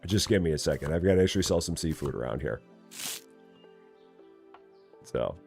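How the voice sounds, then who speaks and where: A man's voice: moderate pace, gravelly, faint music behind. A man chatting casually and joking as he live streams a store simulator game, rambling and laughing. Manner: jokey, rambling, laughs often, lively swings in pitch.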